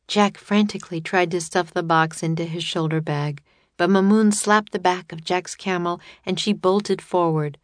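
A woman narrating a children's chapter book in steady, expressive scripted reading. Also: on the low side, normal speed, no echo. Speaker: audiobook narrator.

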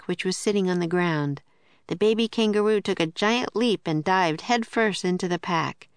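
A woman narrating a children's storybook at a clear, steady reading pace on a close mic. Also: low-pitched, no echo. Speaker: audiobook narrator.

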